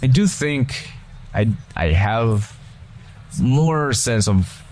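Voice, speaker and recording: This is a young man with a foreign accent chatting over a game at a medium pitch. He rambles, restarts his sentences and wanders off on tangents, with the loose feel of a relaxed gaming video. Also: drawn-out words, slight background noise. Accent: non-native English, foreign accent. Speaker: gaming channel co-host. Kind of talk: casual gameplay commentary.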